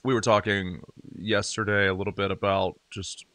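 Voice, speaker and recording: A middle-aged man from South Carolina with a light Southern accent, talking as a podcast guest in his home studio, chatty and animated with frequent restarts. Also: on the low side, normal speed, no room sound. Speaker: guest, singer-songwriter and radio DJ. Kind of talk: casual interview chat.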